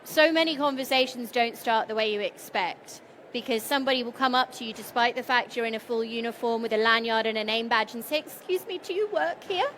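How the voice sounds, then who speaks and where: Woman co-presenting a talk, bit high, faint hiss behind. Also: fairly even intonation, brisk, fairly bright tone. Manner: engaging, asks the audience questions. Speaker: conference co-presenter. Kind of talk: conference talk.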